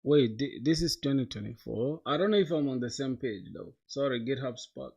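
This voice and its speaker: A man's voice: mid-range voice, moderate pace, vocal fry, a little mellow, breathy edge, lo-fi sound. A young man livestreaming while he codes, chatting loosely with viewers in slang. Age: young adult. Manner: loose, slangy, talks to chat, says bro a lot. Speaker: coding livestreamer. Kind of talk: casual livestream chat while coding.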